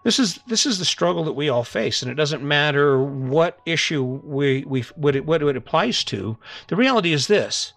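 A man's voice: a little high, lively intonation, normal speed, few pauses, fairly bright tone, no echo, faint music behind. A middle-aged man hosting a podcast, giving an earnest, coaxing motivational talk that keeps repeating the same challenge to his listeners. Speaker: podcast host. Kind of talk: motivational monologue.

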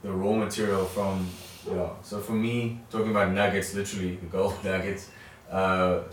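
Man, low voice, hesitant restarts, group sharing, distant, very echoey room. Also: flat delivery, moderate pace, a little hiss or hum. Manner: hesitant, restarts and repeats words. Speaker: participant in a church study group.

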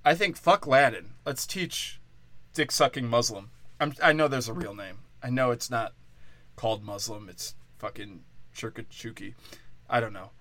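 Bright, dry-sounding tipsy man ranting. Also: medium pitch, normal speed, no room sound. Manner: rambling, crude, keeps breaking off and restarting. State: tipsy from tequila. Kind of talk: crude rambling comedic monologue.

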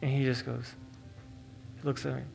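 A male pastor from Oklahoma telling a story in a sermon, animated and swinging from loud to hushed and earnest. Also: mid-range voice, normal speed, creaky, husky, faint music behind.

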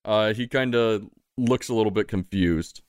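An easygoing game master with a low voice, narrating scenes and calling for dice rolls. He laughs often, and the sound is dry and close, with no room around it. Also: moderate pace, clean tone, no echo.

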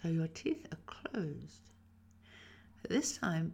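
Woman voice coach, low-ish gravelly husky voice, calm step by step instructions. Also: takes it slowly. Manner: calm, instructive, demonstrates sounds. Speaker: voice teacher. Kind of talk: guided voice exercise.

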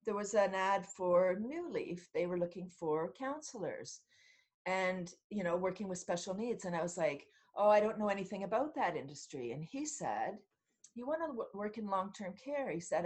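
A middle-aged Canadian woman, a guest on a podcast, tells stories casually and with plenty of life in an interview, laughing often and acting out other people's lines expressively. Her medium-pitched voice has lively intonation, normal speed, and a slightly mellow quality.

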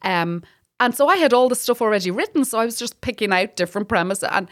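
A woman in her thirties with an Irish accent, a stand-up comic chatting as a guest, telling lively stories with frequent laughs and swearing. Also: fairly high pitch, fast talker, dry recording, clean studio sound. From Ireland. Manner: lively storyteller, laughs often, swears freely. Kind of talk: casual chat.

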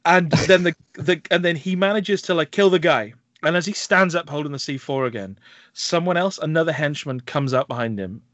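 A man's voice: a little high, moderate pace, dry recording. A man hosting a podcast, animatedly retelling film scenes in casual chat and acting out the lines. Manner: animated storytelling, acts out quoted lines, laughs often. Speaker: podcast host reviewing films. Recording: dry, slightly dull podcast audio.

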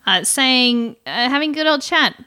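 A chatty woman co-hosting a film-review podcast, giggling through her recaps. Her voice is bright and clear, a touch high, and swings widely in pitch. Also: lively intonation, unhurried. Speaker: podcast co-host. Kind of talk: casual film-review chat.

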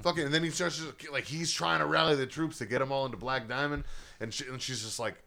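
A man's voice: medium pitch, fairly even intonation, fast talker, creaky, sharp tone. A middle-aged man co-hosting a podcast, telling rambling stories with lots of swearing. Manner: rambling storyteller, heavy swearing. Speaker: podcast co-host. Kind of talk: casual chat.

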